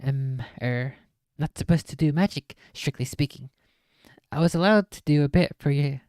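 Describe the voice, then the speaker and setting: A woman voicing a big gruff male gamekeeper in a put-on Scottish accent, reading aloud from a storybook on a stream. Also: sits low, normal speed, warm tone, dry recording, lightly acted. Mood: rueful.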